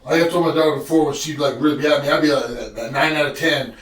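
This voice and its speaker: A man's voice: on the high side, steady tone, quick pace. A man telling family stories earnestly, acting out quotes in a casual conversation. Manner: earnest, storytelling, acts out quotes. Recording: echoey room, from a distance.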